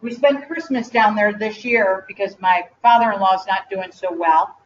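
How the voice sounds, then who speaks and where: A woman in her forties giving a motivational speech to an audience, animated, telling stories and asking the room questions. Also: medium pitch, normal speed, a little hiss or hum. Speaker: speaker at a company event. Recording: distant, dull lo-fi live recording.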